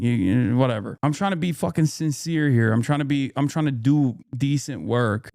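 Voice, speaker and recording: A man's voice: a little high, a little mellow, dry recording, studio quality. A man in his thirties streaming a profane, angry rant, retelling a run-in and quoting people in raised voices. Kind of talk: profane ranting commentary.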